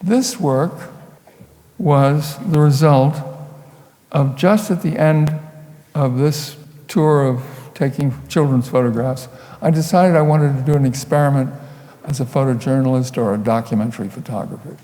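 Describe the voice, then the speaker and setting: A man's voice: medium pitch, unhurried, mellow. An older man, a photographer, telling wry, meandering stories as he shows slides at a public talk. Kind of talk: storytelling lecture with slides. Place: lecture hall. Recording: lecture hall reverb.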